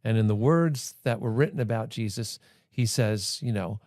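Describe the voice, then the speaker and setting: A man's voice: on the low side, normal speed, a little mellow, no echo, clean studio sound. A man hosting a church podcast, talking in a casual, rambling way full of fillers. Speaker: podcast host.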